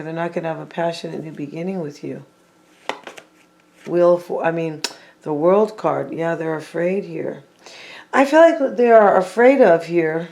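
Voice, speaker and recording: Chatty tarot reader thinking out loud. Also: medium pitch, creaky. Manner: chatty, thinking aloud, repeats and hedges with "I feel like"; playful, teasing asides to the audience. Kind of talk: casual tarot card reading to viewers.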